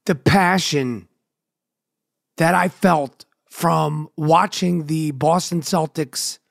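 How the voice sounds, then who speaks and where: A podcast host from New York unloads a profane sports rant in a gravelly voice. He drags out his words slowly and chants his intros sing-song. The sound is dry and close, with no room around it. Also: on the high side, no echo.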